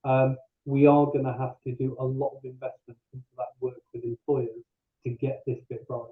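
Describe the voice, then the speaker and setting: A man speaking as a panelist with a quick, casual delivery. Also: medium pitch, completely flat delivery. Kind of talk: panel discussion answer. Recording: tinny phone-like echoey sound.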